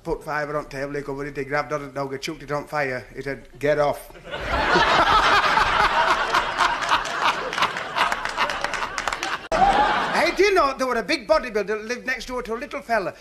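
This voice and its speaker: A man's voice: on the high side, quick pace, few pauses, very noisy. A man with a Northern English accent telling stand-up jokes in a chatty, folksy dialect before a live audience. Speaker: stand-up comedian.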